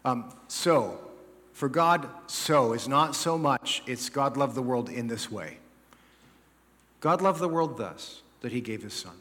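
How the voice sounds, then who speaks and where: A man's voice: mid-range voice, animated, slow, bright, forceful tone. A man preaching a sermon to a congregation, conversational and explanatory, with jokey asides and frequent checks like "okay?". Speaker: pastor. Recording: long hall reverb.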